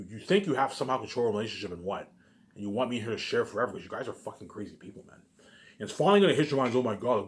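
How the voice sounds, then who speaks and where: A man's voice: fairly low pitch, a bit bright. A man giving a rambling, repetitive monologue to camera that turns into a heated rant, with frequent swearing. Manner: swears often, keeps saying "obviously". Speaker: vlogger.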